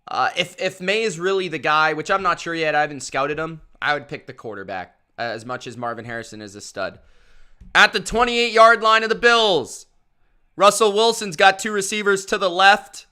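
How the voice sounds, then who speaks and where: A man calls football play-by-play for his live stream and greets his chat by name. His voice sits high and rings very bright and crisp. He talks at an unhurried pace, with a pumped-up announcer style. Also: animated. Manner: hyped, announcer-style delivery. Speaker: live-stream sports commentator. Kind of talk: live play-by-play commentary and chat shout-outs.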